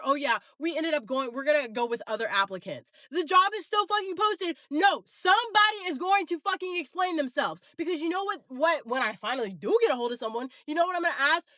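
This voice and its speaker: Woman with a very high, sharp voice, furious profane rant, dry sound. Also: no room sound. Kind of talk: casual rant to camera.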